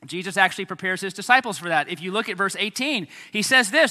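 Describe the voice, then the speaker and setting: A man in his thirties, a pastor giving a lively sermon to children and families, with chatty asides to kids and parents. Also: high-pitched, fast, hardly any pauses. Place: church hall. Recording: echoey hall reverb.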